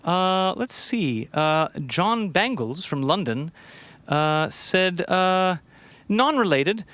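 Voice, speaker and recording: Bright-voiced chatty male singer. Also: high voice, expressive, slow, no room sound. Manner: chatty and enthusiastic, rambling asides. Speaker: singer hosting a livestream concert. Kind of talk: casual chat between songs.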